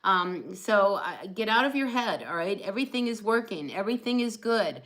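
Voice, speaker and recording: A woman's voice: medium pitch, expressive, moderate pace, a bit bright, poor audio. A woman giving a casual, chatty live tarot reading, encouraging her viewers with lots of fillers like "you know" and "all right". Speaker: tarot reader.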